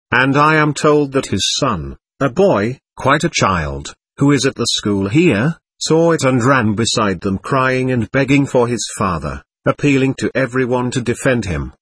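A man's voice: medium pitch, fairly bright tone, husky, no echo. A man voicing a proud young society woman, formal but flustered and indignant.

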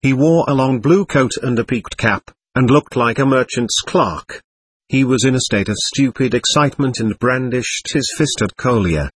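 A man narrating a classic novel in a measured, expressive reading. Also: medium pitch, slightly rough. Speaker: audiobook narrator.

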